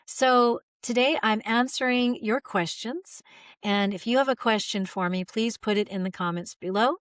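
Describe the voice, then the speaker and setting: Woman, forties, voice teacher, calm, gentle guidance, mid pitch, dry close sound. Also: clear, resonant tone, no room sound. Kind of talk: instructional video talk.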